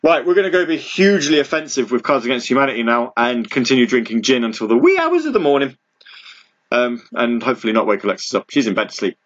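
A man's voice: mid-range voice, big pitch swings, fast talker, highs cut off. A man hosting a live internet radio stream, chatting casually and rambling with a jokey manner.

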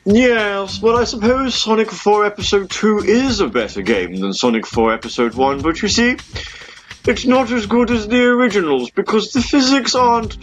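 Guy doing a snooty posh know-it-all, high and drawn out, talking down to you. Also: expressive, moderate pace. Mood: lecturing. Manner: lecturing, drawn out, condescending. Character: pompous know-it-all male fan, posh.

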